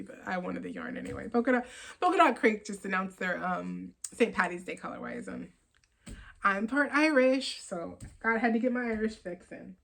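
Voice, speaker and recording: A woman hosting a knitting podcast, chatting casually about her yarn purchases in an excitable, rambling way with frequent laughs. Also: on the high side, vocal fry, low-quality recording.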